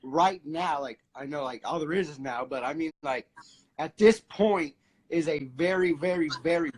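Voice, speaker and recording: Man, livestream host, casual spiritual chat, rambling, many fillers, slightly high voice. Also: normal speed, rough recording.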